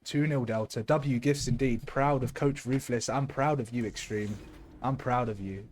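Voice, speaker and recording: A young man gives live esports commentary, excitable and loud as he shouts out thanks to his viewers. His voice sits at an ordinary middle pitch, and it is going a little hoarse from all the shouting. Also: normal speed. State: losing his voice. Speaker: streamer and match caster.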